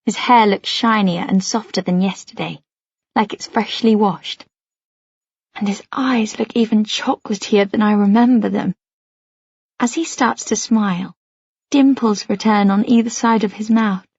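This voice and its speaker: Slow, husky woman narrating. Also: medium pitch, steady tone, a little mellow, no room sound, dull audio. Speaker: audiobook narrator. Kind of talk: first-person scripted narration.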